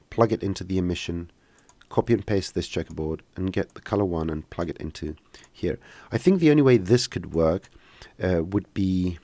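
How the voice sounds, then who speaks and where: Give me a man with a deep voice and a dry close sound, casually fielding questions in a live tutorial stream. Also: a little mellow, dry recording. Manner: casual, joking, hesitant with many fillers. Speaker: software instructor.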